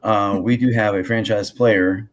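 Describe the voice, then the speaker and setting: A hoarse man with a very low voice hosts a casual podcast. He sounds froggy from a cold and rambles along with plenty of fillers and restarts. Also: steady tone, a little slow. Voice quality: froggy, gravelly. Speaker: podcast host.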